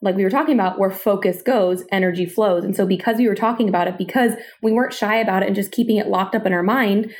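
A woman's voice: medium pitch, quick pace, few pauses, a little mellow. Enthusiastic woman telling a story on a podcast. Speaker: podcast co-host. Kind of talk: casual motivational podcast chat.

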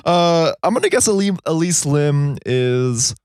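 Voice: medium pitch, animated, unhurried, darkish tone, clean tone, no room sound, studio quality. A podcast co-host in casual chat, playful and teasing, who laughs often and reads out the show's plugs and guest introduction.

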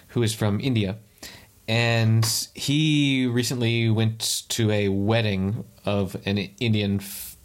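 A man in casual conversation who makes puns and tells a story with many restarts. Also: on the low side. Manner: wry, punning, halting storyteller. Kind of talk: casual chat and anecdote.

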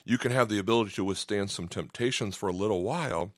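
A man's voice: lowish voice, fast talker, no echo, studio quality. A man preaching a sermon in an easygoing, conversational way, often repeating a word as he starts a phrase. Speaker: pastor.

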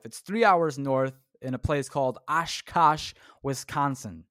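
A man's voice: medium pitch, measured pace, a bit bright, no room sound, clean studio sound. A man hosting a solo podcast, rambling casually and tossing in "man" and "dude.". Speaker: podcast host. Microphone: clip-on shirt mic.

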